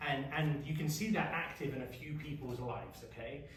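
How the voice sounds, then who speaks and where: A man's voice: on the high side, normal speed, fairly bright tone, slight background noise. A man with an English accent teaching a casual youth Bible study, chatty and often asking the group questions. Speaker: youth pastor. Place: church youth room. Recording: echoey room, mic far off.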